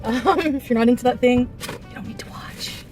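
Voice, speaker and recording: A woman's voice: a little high, moderate pace, darkish tone, faint music behind. A woman in her thirties telling a casual storytime from her parked car, chatty and laughing often, stopping to eat between sentences. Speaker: vlogger.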